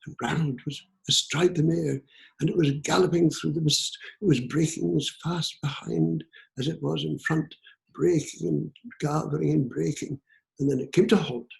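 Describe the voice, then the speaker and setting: An older Scottish man telling a traditional folk tale in an unhurried, rhythmic way with repetitions, in a living room. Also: a little high, steady tone, creaky. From Scotland. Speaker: storyteller.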